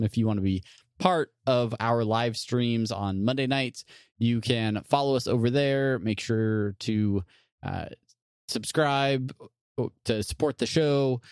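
A man's voice: mid-range voice, smooth, no echo, studio quality. Laid-back male podcast host. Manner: laid-back, joking, filler-heavy. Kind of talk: casual podcast chat.

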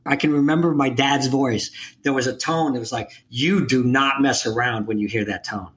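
A man interviewing an author, speaking in a measured, reflective way about leadership and parenting. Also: mid-range voice. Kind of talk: conversational interview.

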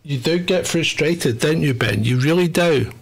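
A man co-hosting a casual live chat with a teasing, easygoing manner. He laughs easily, and his voice sits a touch higher than most men's. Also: moderate pace, vocal fry, slight background noise. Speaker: co-host.

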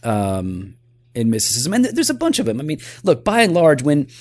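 A man's voice: on the high side, huge pitch swings, normal speed, no echo. A man co-hosting a casual theology podcast, earnest and a bit teasing, often restarting his sentences. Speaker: podcast co-host.

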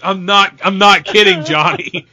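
A man co-hosting a podcast, telling stories in casual banter and stammering when excited. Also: high voice, measured pace, no room sound. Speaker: podcast co-host.

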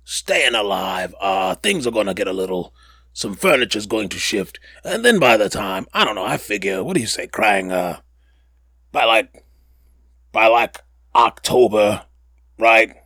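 Slow, low-voiced man rambling as a podcast host. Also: lively intonation, fairly bright tone, no echo. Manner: rambling and joking, with many fillers and self-corrections. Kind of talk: casual podcast chat.

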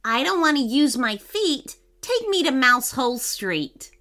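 A woman's voice: sits high, big pitch swings, unhurried, bright, forceful tone, pitched above the performer's own voice, full character voice. A woman voicing a polite, thoughtful young boy in a storybook reading. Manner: polite and helpful.

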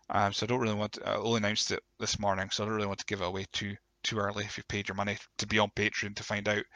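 A man hosting a live solo podcast, with a croaky voice, chatting in an excitable, rambling way and often correcting himself. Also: on the low side, dry recording. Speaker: podcast host.

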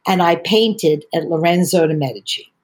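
A woman's voice: lowish voice, moderate pace, darkish tone. Chatty older woman telling rambling stories. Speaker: tea entrepreneur guest. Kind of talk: podcast conversation.

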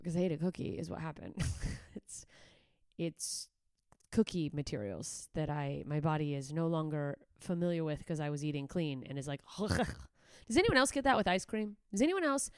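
A woman's voice: low-pitched, lively intonation, moderate pace, smooth, no echo, clean studio sound. A young woman hosting a solo podcast, ranting profanely and sarcastically, slipping into mocking voices, a little congested. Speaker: podcast host.

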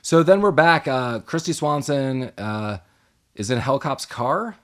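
A man's voice: medium pitch, measured pace. Man recapping a movie, laughing often. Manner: animated retelling, quoting characters, laughing often. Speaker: podcast co-host. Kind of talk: casual movie recap chat.

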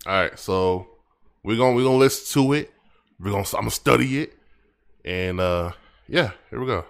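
A man's voice: on the low side, moderate pace, gravelly. A man hosting a podcast in casual chat, laughing often and stumbling over repeated words. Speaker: podcast host.

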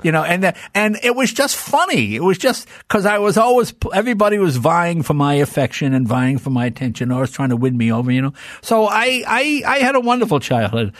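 A man as an interview guest, telling childhood stories in an animated way and acting out the people in them. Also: on the high side, fairly quick, hardly any pauses, dry recording, studio quality. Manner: animated storyteller who acts out voices. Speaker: guest comedian. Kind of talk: storytelling interview.

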